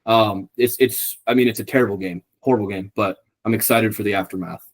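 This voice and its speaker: A man's voice: on the low side, fairly even intonation, fairly quick. A young man co-hosting a podcast in casual chat, rambling with lots of ums and swearing freely. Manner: rambling, profane, many ums. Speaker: podcast co-host.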